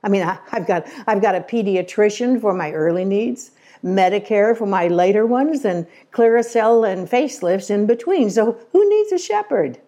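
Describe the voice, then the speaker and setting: An older woman giving a conversational church talk, telling stories with wry asides and sometimes repeating words as she gets excited. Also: mid-range voice, moderate pace. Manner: folksy storytelling with wry asides. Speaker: church speaker.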